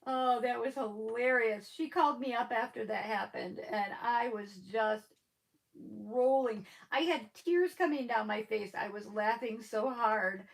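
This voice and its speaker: A woman's voice: on the high side, a little slow, creaky, poor audio. A woman with a noticeable lisp hosting a live stream, chatting casually and rambling with her viewers, laughing often.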